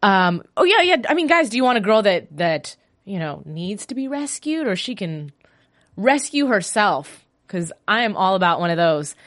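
A woman's voice: mid-range voice, moderate pace, dry recording, clean studio sound. A woman hosting a show, talking casually and animatedly, often acting out quotes. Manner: chatty and animated, quoting characters in voices. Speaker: host. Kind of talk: casual recap podcast.

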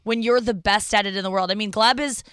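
A woman's voice: mid-range voice, fairly even intonation, fast talker, a bit bright, clear, resonant tone, dry recording. A woman hosting a podcast in casual chat, rambling and self-deprecating with many fillers and restarts. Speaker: podcast host.

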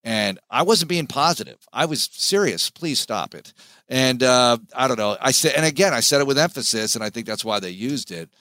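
A man, a sports play-by-play announcer, giving an animated, emphatic interview as a podcast guest. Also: medium pitch, a little fast, few pauses, dry recording.

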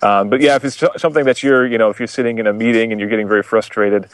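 A man with a lowish voice talks quickly and calmly in casual conversation, weighing his words with fillers. The sound is dry and close. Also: no echo. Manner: calm, reflective, many fillers.

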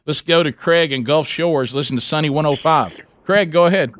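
A man's voice: fairly high pitch, moderate pace, a bit bright. A man hosting a morning talk radio show, taking calls with easygoing, laughing banter. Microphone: studio mic.

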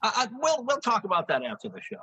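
An older man in his seventies rattles off one-liners and tells a long joke as a guest. His voice sits high and bounces around a lot, with a bright, slightly husky edge. The sound is dry and close. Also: huge pitch swings, poor audio. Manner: rapid one-liner delivery, playful. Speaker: comedian guest. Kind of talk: joke-telling banter.

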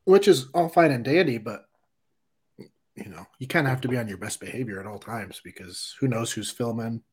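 A man who is a guest on a podcast, chatting casually and telling a relaxed story. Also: mid-range voice, moderate pace, slightly rough. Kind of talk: casual chat.

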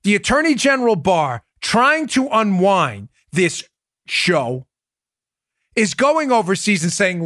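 Male podcast host, combative commentary, fairly high voice, dry close sound. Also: sing-song, takes it slowly, a bit bright, no echo. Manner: combative, incredulous, rising to indignant outbursts. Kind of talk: heated political commentary.

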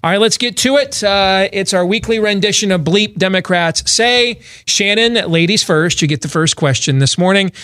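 A man's voice: high-pitched, normal speed, few pauses, a bit bright, clear, resonant tone, no echo, studio quality. A man hosting a talk radio show, reading an ad and arguing in a brash, rambling way. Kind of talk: talk radio commentary and ad read.

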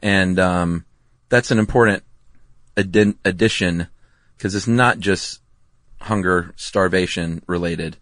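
A man's voice: sits low, takes it slowly, long pauses, a bit bright, no room sound. A man co-hosting a podcast in casual chat, easygoing and explaining facts plainly. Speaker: podcast co-host.

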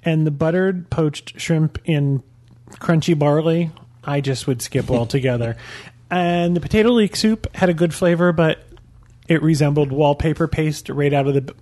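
A man's voice: on the high side, moderate pace, darkish tone. Opinionated man reviewing restaurants. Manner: blunt, opinionated, lists menu items. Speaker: dining reviewer. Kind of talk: casual podcast review.

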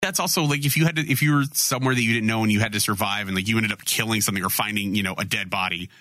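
A man hosting a casual anime podcast, animated, swearing and acting out scenes. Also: on the low side, rapid-fire, no echo, studio quality. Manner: animated, swears, acts out scenes in funny voices. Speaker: podcast host.

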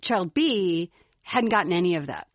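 A woman with a Chicago accent, her voice on the lower side for a woman, co-hosting a podcast. She lays out stories and ideas in a steady, explanatory way. The sound is dry and close. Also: moderate pace, dry recording. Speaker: podcast co-host. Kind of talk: casual parenting chat.

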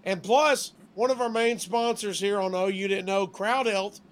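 A man's voice: high-pitched, normal speed. A man co-hosting a podcast, reading a sponsor ad in an upbeat way. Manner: upbeat ad read. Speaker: podcast co-host.

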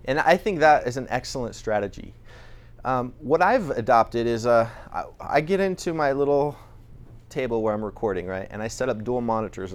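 A man presenting at a conference, talking conversationally with frequent restarts. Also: medium pitch. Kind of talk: conference talk.

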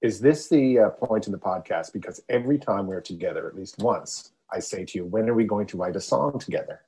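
A man's voice: lowish voice, animated, brisk, warm tone. A man with a Newfoundland accent, a guest in a casual chat, teasing and dry.

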